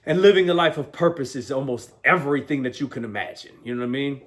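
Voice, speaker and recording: A man hosting a motivational podcast in an energetic, slangy talk, often restarting and asking "right?". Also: mid-range voice, quick pace. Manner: restarts and repeats words often.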